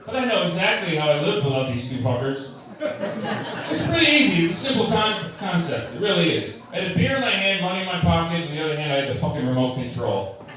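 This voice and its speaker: Crude, sardonic stand-up comic. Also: male voice, a little high, big pitch swings, fast talker. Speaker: stand-up comedian. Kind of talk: stand-up comedy set. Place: comedy club stage. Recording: echoey club from far off, crowd laughing. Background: audience laughter.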